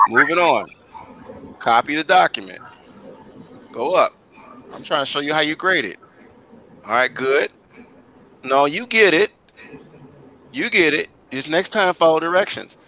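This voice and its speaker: A man's voice: fairly high pitch, expressive, normal speed, pauses often, bright, forceful tone, slight background noise. A male teacher guiding students through an online class on a video call, talking casually but directly and firmly.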